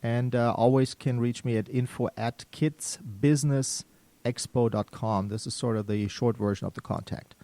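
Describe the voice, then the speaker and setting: A man with a German accent hosting a business radio show, talking in a relaxed way with many fillers. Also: mid-range voice, normal speed, no echo. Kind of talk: casual radio talk. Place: radio studio.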